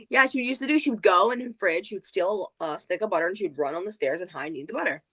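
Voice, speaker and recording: A woman co-hosting a book club livestream, chatting casually and going off on rambling, animated tangents. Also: medium pitch, fast, hardly any pauses. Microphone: video call.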